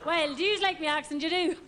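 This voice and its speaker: A woman's voice: high-pitched, fairly quick, voice pushed up. A woman playing a brash, chatty female pop singer with a thick Dundalk Irish accent, in an archive TV clip. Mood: giggly. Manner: loud, giggly, cheeky banter. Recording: archive TV clip with noisy crowd.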